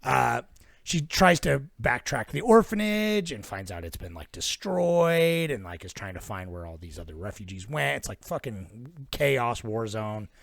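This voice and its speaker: A man's voice: medium pitch, sing-song, measured pace, vocal fry, fairly bright tone, dry recording. A man hosting a podcast, retelling a film plot in a rambling, casual way with lots of swearing. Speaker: podcast host. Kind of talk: casual film-recap chat.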